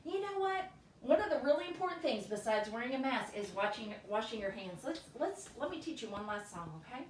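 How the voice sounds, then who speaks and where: A woman's voice: fairly high pitch, big pitch swings, brisk. A woman hosting a children's library storytime, talking cheerfully and leading songs. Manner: cheerful, sings and makes animal sneeze sounds. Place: library room. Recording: roomy, from a distance, faint hiss.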